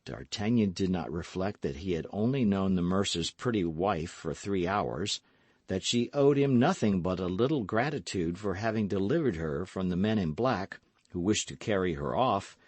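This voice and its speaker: A man narrating a classic novel as an audiobook in an expressive, dramatic storytelling manner. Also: low voice, moderate pace, no echo.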